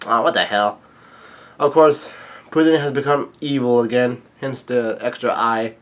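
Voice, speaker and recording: A man casually narrating a comic read-along, halting with many fillers. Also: medium pitch, fairly even intonation, fairly bright tone. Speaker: channel host reading a comic aloud.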